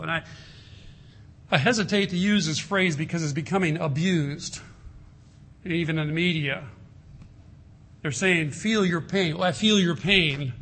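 A man preaching a sermon in an earnest way, slowing down and softening his voice to stress a point. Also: a little high. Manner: earnest, slows and softens for emphasis. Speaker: pastor.

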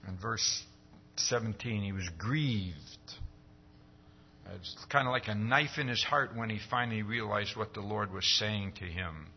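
A man's voice: a little slow, creaky, a little hiss or hum. Male preacher, conversational sermon, keeps asking "See?", slightly dull recording. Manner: acts out quoted dialogue with rising pitch.

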